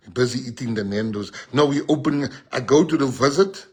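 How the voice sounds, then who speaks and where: South african guy, party leader, fired up rally speech, raspy-ish voice, goes loud then real quiet telling stories. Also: medium pitch, fairly quick. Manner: animated, switches between shouting and hushed storytelling. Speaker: political party leader addressing supporters. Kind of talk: impassioned rally speech with personal storytelling.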